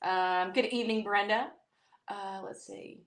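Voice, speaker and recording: A woman's voice: mid-range voice, steady tone, unhurried. Chatty Southern woman, echoey room. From East Tennessee. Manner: chatty, many "like" and "um" fillers. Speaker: co-host of a livestream. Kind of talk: casual live chat, greeting viewers.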